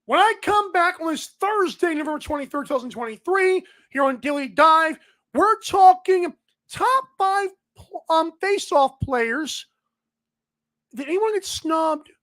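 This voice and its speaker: A woman's voice: very high voice, lively intonation, a little slow, fairly bright tone. A woman hosting a sports betting podcast, rambling casually and talking straight to the players she discusses.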